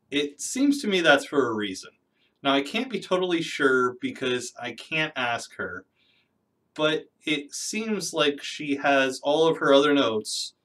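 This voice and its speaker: A man's voice: mid-range voice, fairly bright tone, far from the mic. A man giving critical, skeptical commentary in a reaction video.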